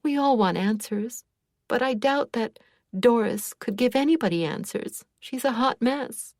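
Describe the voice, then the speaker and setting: A woman's voice: fairly high pitch, expressive, a little slow, darkish tone, no room sound, clean studio sound, pitched above the performer's own voice. A woman voicing a flustered, protective older woman who soothes others, in an audiobook. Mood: fussing.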